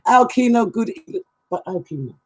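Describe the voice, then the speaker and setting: Husky lively woman DJ over music. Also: fairly low pitch. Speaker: radio show host and DJ. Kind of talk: casual live show chat with shout-outs. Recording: music playing underneath.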